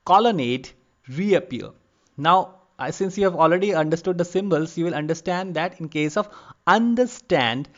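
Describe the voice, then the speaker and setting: A man giving an online literature lecture, explaining patiently and repeating terms slowly for emphasis. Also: sits high, lo-fi sound. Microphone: lavalier.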